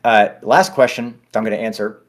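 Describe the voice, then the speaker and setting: Low-voiced chatty man hosting an AMA. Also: fairly quick. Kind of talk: casual AMA livestream chat.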